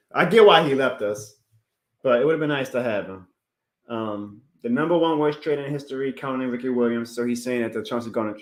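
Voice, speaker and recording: Heartfelt rambling streamer in an echoey room. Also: male voice, mid-range voice, fairly bright tone. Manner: heartfelt, rambling, laughs often, reads chat aloud. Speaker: YouTube sports streamer. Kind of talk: casual live stream chat.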